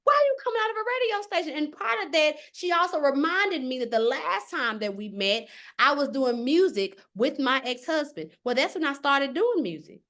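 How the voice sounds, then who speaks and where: High-voiced woman teaching casually. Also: moderate pace, hardly any pauses. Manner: animated, conversational, often asks "okay?". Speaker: spiritual astrology teacher. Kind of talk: live online class, casual teaching.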